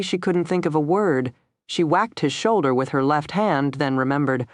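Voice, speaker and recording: A woman narrating a crime thriller audiobook in a measured, even storytelling manner. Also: deep voice, no echo, studio quality.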